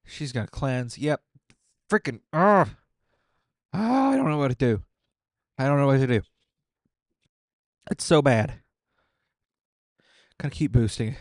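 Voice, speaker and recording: A gaming content creator with a mid-range, lively voice speaks a little slowly with long pauses, recorded in clean studio sound with no room sound. He streams a game while eating painfully spicy wings, sweating, teary and groaning in exasperation as he keeps up casual commentary through the suffering.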